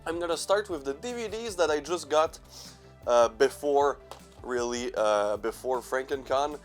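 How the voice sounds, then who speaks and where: A man's voice: mid-range voice, measured pace, soft background music. A young man hosting a casual vlog, stuffy from allergies, rambling, self-mocking, swearing and laughing as he goes. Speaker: horror movie channel host.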